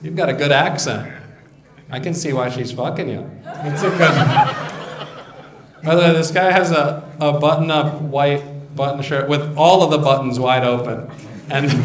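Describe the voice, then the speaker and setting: At a live comedy venue, a male stand-up comedian with a fairly high voice and moderate pace does crude, teasing crowd work, riffing on audience members. The recording is echoey with a crowd, some hiss or hum, and audience laughter in the background.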